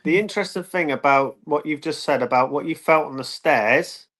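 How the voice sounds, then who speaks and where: A man with a British accent, a guest in a casual chat, recounting events in an animated way. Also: a little high, normal speed. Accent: British English.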